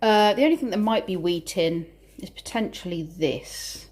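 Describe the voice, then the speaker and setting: A woman's voice: mid-range voice, expressive, moderate pace, darkish tone. A woman vlogging, chatting casually and cooing sing-song baby talk to little ones. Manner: sing-song, coos and plays with babies. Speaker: vlogger and mother. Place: back garden, outdoors. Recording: noisy home video.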